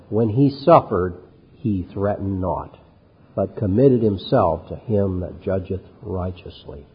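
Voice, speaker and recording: A man's voice: on the low side, husky. A man preaching an expository sermon, reading scripture aloud with rising force and then commenting in a conversational way. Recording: lo-fi recording with long hall reverb.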